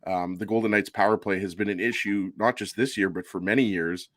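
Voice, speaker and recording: A man with a lowish voice, chatting casually about a hockey game on a post-game podcast. He fills his talk with ums and likes, and the sound is dry, with no room to it. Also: steady tone, a little fast, a bit bright, no echo.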